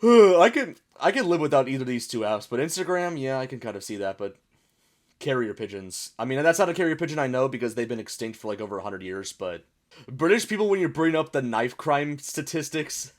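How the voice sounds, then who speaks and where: A man's voice: medium pitch, animated, fast. A young American man casually reacting to memes as a video host, chatty and puzzled, reading captions aloud. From United States.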